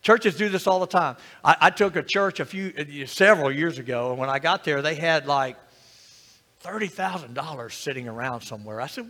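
A man's voice: a little high, lively intonation, a little fast, pushed and bright, in a large hall. A man pastor preaching a sermon in a church, full of rhetorical questions and calls for amen.

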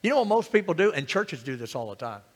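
Animated high-pitched preacher man. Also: fast talker, long reverb tail. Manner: animated preaching with rhetorical questions and calls for amen. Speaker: pastor. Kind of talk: sermon.

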